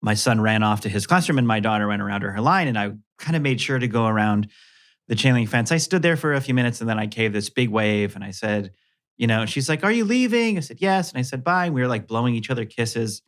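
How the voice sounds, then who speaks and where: A man in his thirties, a guest podcast co-host, telling a self-deprecating story in a casual, animated way. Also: lowish voice, fast talker.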